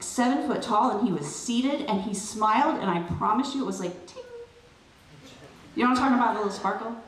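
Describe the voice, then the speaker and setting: Middle-aged woman, animated storyteller, heard from afar over roomy speakers. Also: medium pitch. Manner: animated, chatty storytelling with lots of fillers. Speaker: event speaker. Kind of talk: storytelling speech to a crowd. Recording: roomy, distant PA sound with light noise.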